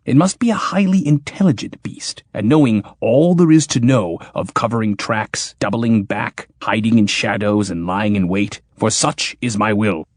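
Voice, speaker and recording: A man voicing a grim, exacting male tyrant king in an audiobook, booming and menacing. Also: moderate pace, few pauses, no echo, clean studio sound, lightly acted. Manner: booming, menacing, laughs like thunder.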